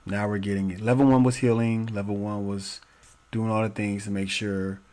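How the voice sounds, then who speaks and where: A man hosting a live show, commenting in a slow, pointed, questioning way on a clip he plays. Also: on the low side, level tone, dark tone. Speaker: host reacting to a clip. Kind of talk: commentary over a played clip.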